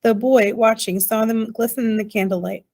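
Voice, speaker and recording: A woman narrating a children's novel in a gentle, measured reading voice. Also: a little high, steady tone. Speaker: audiobook reader. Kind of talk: storybook narration.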